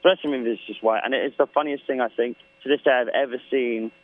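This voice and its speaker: A man's voice: medium pitch, steady tone, fast talker, no echo. An English man talks casually in an interview, joking and rambling through his stories. His voice comes through dry, close and tinny, the way a phone line sounds. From England. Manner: joking, storytelling, loose and rambling. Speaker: guest musician.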